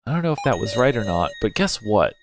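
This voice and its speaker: Fast-talking with a sing-song delivery and a fairly low pitch, this game streamer does let's play commentary on a story game. He sounds anxious, swears, and reads some dialogue aloud half in character as game music plays.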